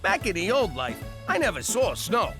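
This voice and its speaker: A man's voice: high voice, very animated, moderate pace, over music. An actor voicing a brash, wisecracking middle-aged male mobster, in an adult cartoon. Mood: wry narration. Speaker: narrator and lead.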